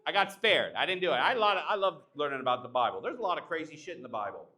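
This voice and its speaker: Brief: young man, stand-up at a live show, animated and brash. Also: a little high, rapid-fire, few pauses. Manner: brash, crowd-teasing, animated. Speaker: stand-up comedian. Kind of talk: live stand-up set with crowd work. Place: live comedy show at an art exhibition.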